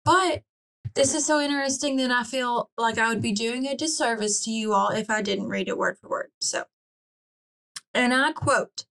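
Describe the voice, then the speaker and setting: A woman co-hosting a casual podcast, chatting playfully and reading old excerpts aloud slowly. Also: a little high, vocal fry, fairly bright tone, low-quality recording. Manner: playful, reads slowly and carefully. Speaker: podcast co-host.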